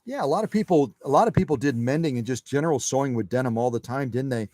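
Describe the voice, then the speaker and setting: A man hosts a live sewing demonstration, talking viewers through each step in a relaxed, folksy way. His voice sits in a middle range and sounds dry and close, with no room echo. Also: medium pitch, fast. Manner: chatty, folksy, reads viewer chat. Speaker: sewing machine restorer hosting a livestream.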